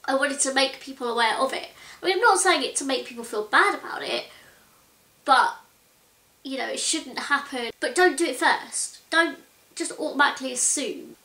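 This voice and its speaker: Speaking at a moderate pace with a high, sharp voice, a woman in her twenties chats casually to camera as a vlogger. She's earnest and exasperated, full of "like", and the room echoes.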